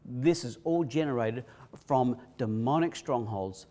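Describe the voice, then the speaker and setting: A male pastor, preaching a sermon with emphatic repetition, swinging between loud bursts and quiet hushes. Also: medium pitch, measured pace. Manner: preaching with rising, emphatic repetition and sudden drops to a hush.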